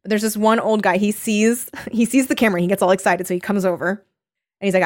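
A woman's voice: medium pitch, steady tone, quick pace, darkish tone, dry recording, studio quality. A woman co-hosting a podcast in casual chat, rambling with lots of fillers and frequent giggles. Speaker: podcast co-host.

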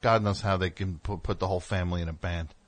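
A man's voice: deep voice, steady tone, fast. A man hosting a radio show, telling a story in a casual, rambling way with wry asides in the studio.

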